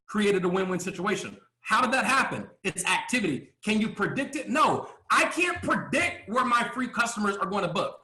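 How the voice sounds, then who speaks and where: A man giving a motivational business coaching talk, emphatic, asking rhetorical questions and often clearing his throat. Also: high-pitched, bright, forceful tone, roomy sound.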